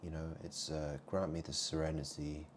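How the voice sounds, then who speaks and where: A man vlogging in a rambling monologue, muttering asides and swinging between loud remarks and hushed ones. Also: a bass voice, little pitch movement, normal speed, a little hiss or hum.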